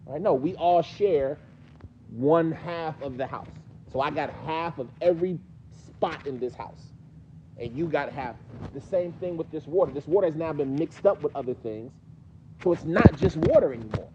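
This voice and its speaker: A man's voice: fairly high pitch, moderate pace, dull audio, noisy background. Man teaching with a New York accent. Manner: questioning, conversational, quizzes students. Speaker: teacher explaining hadith. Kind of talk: classroom lesson with questions. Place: mosque classroom.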